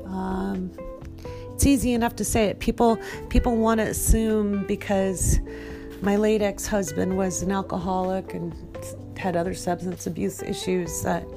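A middle-aged woman narrating her own memoir with intensity, building to loud, emphatic outbursts. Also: mid-range voice, fairly even intonation, unhurried, vocal fry, music in the background. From United States. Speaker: memoir narrator and podcast host. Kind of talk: dramatic memoir reading.

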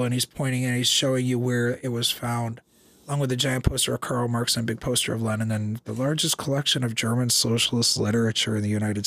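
A man in casual chat, telling lively stories about a house and acting out the voices of the people in them. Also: mid-range voice. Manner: animated, acts out quoted dialogue, many restarts.

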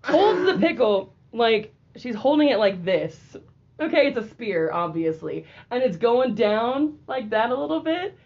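A young woman with a fairly high voice tells a story in casual podcast chat. She is animated and profane, laughs often and acts out the quotes. The audio sounds dull and lo-fi. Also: measured pace. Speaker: podcast co-host.

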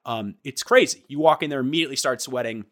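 A young man telling a funny story in casual chat, animated and acting out what people said. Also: mid-range voice, quick pace.

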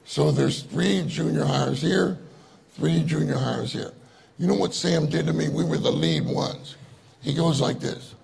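Middle-aged guy preaching, gravelly voice, kinda high, jokes and laughs through his stories. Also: measured pace, darkish tone, slight background noise. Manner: storytelling, jovial with frequent laughter. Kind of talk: sermon.

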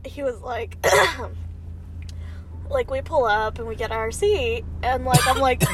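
A woman's voice: fairly high pitch, very slow, long pauses, background noise. A young woman telling a rambling story in casual chat, coughing from smoke now and then. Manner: rambling, laid-back, laughs and coughs often.

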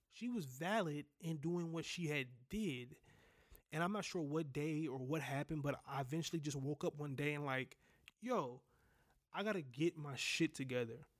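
Blunt young man telling a raw story. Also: on the high side. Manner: raw, blunt, profane, with many restarts. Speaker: podcast host. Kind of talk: candid personal storytelling.

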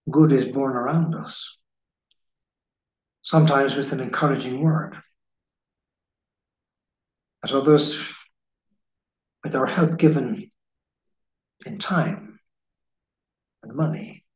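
A man giving a slow, measured spiritual reading in the manner of a preacher. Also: mid-range voice. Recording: echoey room, dull lo-fi sound.

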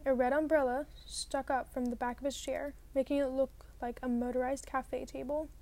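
High-pitched woman reading a novel out loud, plain narration, redoes a line now and then. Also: level tone, moderate pace. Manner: plain first-person narration with occasional retakes. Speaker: audiobook reader.

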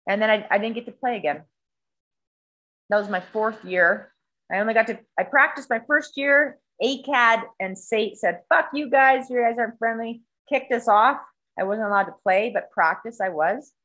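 Over poor audio, a woman of medium pitch speaks at a moderate pace as she tells a story in a casual chat. She swears freely and acts out voices and sounds with animation.

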